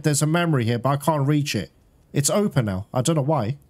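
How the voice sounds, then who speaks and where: A man's voice: mid-range voice, animated, fairly quick, darkish tone. A man giving casual let's-play commentary, chatting to his viewers, laughing and swearing often. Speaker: gaming streamer.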